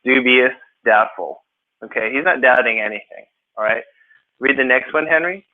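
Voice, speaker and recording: A man's voice: medium pitch, normal speed. A man tutoring a small class, asking questions and acting out word meanings. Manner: animated, questions students, acts out examples. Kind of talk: classroom teaching. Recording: phone-like narrow audio.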